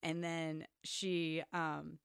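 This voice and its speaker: A woman's voice: low voice, very slow, creaky, clean tone, no room sound, studio quality. A young woman co-hosting a podcast, chatting casually and acting out movie scenes with lots of laughter. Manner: animated, laughing, acts out scenes. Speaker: podcast co-host. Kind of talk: casual movie recap chat.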